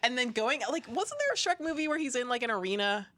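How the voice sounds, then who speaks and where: A woman's voice: a little high, big pitch swings, fast talker, a bit bright, no room sound. A woman co-hosting a casual video chat, teasing and laughing a lot. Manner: giggly and teasing, laughs often. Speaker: co-host.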